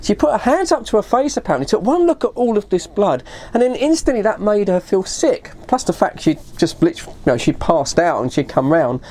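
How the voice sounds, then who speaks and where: A woman's voice: medium pitch, big pitch swings, a little fast, few pauses, mellow. A woman telling a long story in a casual, rambling way, often correcting herself and saying "you know". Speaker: vlogger.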